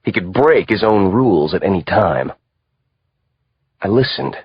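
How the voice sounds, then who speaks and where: A man reading a thriller audiobook aloud in a measured, expressive way. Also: on the low side, husky, dry recording, dull audio. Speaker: audiobook narrator. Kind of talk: scripted narration.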